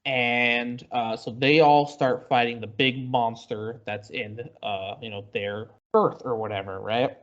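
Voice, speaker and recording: A man's voice: medium pitch, steady tone, measured pace, hardly any pauses, fairly bright tone, highs cut off. A man co-hosting a comics podcast, talking casually and rambling through a plot recap with lots of fillers. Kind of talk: casual chat.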